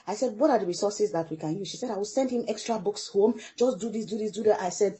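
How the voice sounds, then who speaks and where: Middle-aged woman from Africa, parent guest, animated storyteller who plays out quoted dialogue. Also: mid-range voice, fast, few pauses. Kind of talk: storytelling in a podcast interview.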